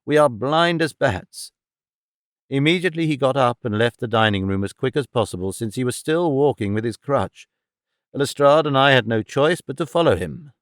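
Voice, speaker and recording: A smooth, mid-range male voice narrates an audiobook from a script, telling the story in a measured, even way. The recording is dry and studio-clean.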